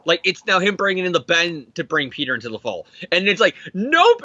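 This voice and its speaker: A man co-hosting a casual comic book chat, excitedly acting out characters as he recaps the story. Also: high voice, brisk, no room sound, muffled recording. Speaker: podcast co-host.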